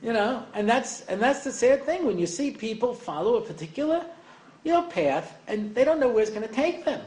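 A man's voice: extremely high pitch, very animated, fairly quick, a little mellow. Older man lecturing in an echoey room. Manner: rambling and joking, heavy on "you know". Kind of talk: evening lecture to an audience. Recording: echoey room, faint ambience.

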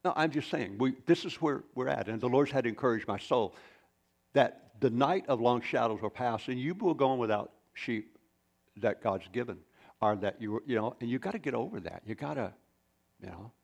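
A male pastor preaches in a mid-pitched, rough and gravelly voice with lively intonation at a normal speed. His sermon is folksy and loose, told like a story, and he often breaks off into rambling asides.

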